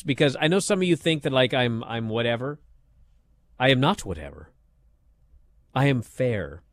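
A man co-hosting a casual podcast, ranting in an animated, exasperated way and mocking lines by reading them aloud. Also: mid-range voice, no room sound. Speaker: podcast co-host. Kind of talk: casual wrestling discussion.

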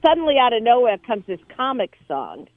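A man's voice: extremely high pitch, no echo, narrow, tinny audio. A man co-hosting a radio interview, enthusiastic about musicals. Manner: enthusiastic, talks fast when excited. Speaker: radio co-host.

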